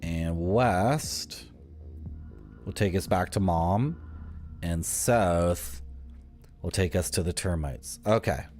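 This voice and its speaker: Fields: Sex: man. Role: streamer. Style: casual gameplay commentary. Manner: animated, mildly profane musings. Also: deep voice, slow, pauses often, faint music behind.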